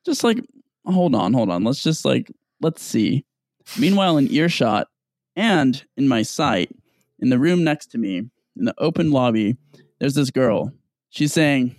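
A young man telling a personal story in a casual, animated way, with some swearing and quick asides in other people's voices. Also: mid-range voice, dry recording, clean studio sound.

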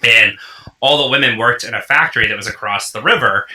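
A man in a casual group conversation, telling stories at length with frequent laughs and quick asides. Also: medium pitch, bright, forceful tone. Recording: echoey room, mic off at distance.

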